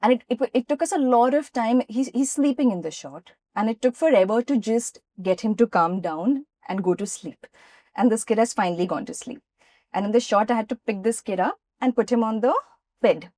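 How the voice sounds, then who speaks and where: A woman from India, an actress being interviewed, who tells lively anecdotes and acts out what people said. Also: on the high side, normal speed, dry recording. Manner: lively anecdotes, often acting out quoted dialogue. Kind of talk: interview storytelling.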